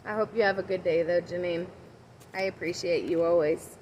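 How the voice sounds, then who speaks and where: A woman with a fairly low voice, chatting her way through a livestream tarot reading from outside her house. She rambles between cards and greets her viewers by name. Faint noise sits under her phone recording. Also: fairly even intonation, normal speed, a little mellow, poor audio. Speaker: tarot and oracle card reader. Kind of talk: casual livestream card reading.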